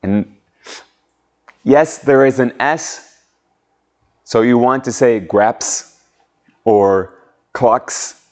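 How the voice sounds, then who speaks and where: Slow, patient male English teacher. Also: mid-range voice, darkish tone, clean tone. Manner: slow, patient, drawing out sounds for repetition. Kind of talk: online pronunciation lesson. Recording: muffled lo-fi audio.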